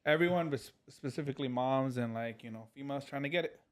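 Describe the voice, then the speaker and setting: Male host, smooth voice, laid-back and hesitant. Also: medium pitch, quick pace. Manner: relaxed, hesitant, filler-heavy. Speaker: podcast host. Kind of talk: casual podcast interview.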